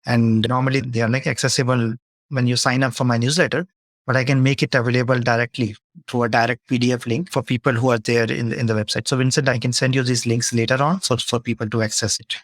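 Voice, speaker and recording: A man's voice: mid-range voice, little pitch movement, fast, no room sound, studio quality. A man speaking as a leadership coach, answering audience questions in a webinar and explaining his points through example dialogues.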